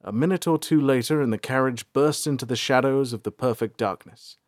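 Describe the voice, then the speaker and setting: A man reading a fantasy audiobook aloud in measured storytelling. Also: mid-range voice, no echo, clean studio sound. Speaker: narrator. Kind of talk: scripted audiobook narration.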